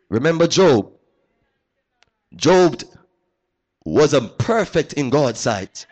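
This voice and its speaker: A man delivers a sermon in a notably high voice. He leans on call-and-response, repetition and steady "uh" fillers. He swings between quiet, low asides and loud, soaring exclamations. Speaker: pastor.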